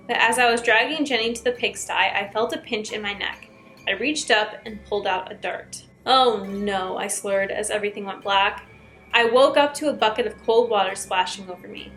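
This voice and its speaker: A woman's voice: fairly high pitch, fairly bright tone, poor audio. A young woman reading scary stories aloud as a YouTuber, breaking in with chatty asides.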